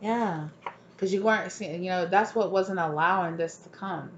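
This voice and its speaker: A woman tarot reader talks through a reading in a loose, chatty way, sounding tired. Her voice sits on the low side, with faint noise in the background. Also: normal speed, muffled recording. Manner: casual, chatty, repeats "right?". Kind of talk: casual spoken tarot reading.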